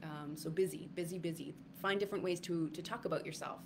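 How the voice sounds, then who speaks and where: A woman with a fairly low voice speaks to her livestream viewers in a loose, rambling way, often restarting her sentences and filling pauses with ums. A faint hiss of ambient noise sits behind her. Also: steady tone, creaky. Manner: rambling, many fillers and restarts. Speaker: wellness retreat speaker. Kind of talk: casual livestream talk.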